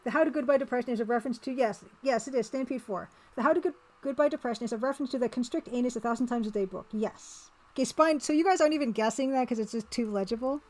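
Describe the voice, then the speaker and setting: A woman's voice: fairly high pitch, fast talker, hardly any pauses, darkish tone. A woman chatting casually on her art live stream, rambling and answering chat as she works. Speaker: streamer and pixel artist.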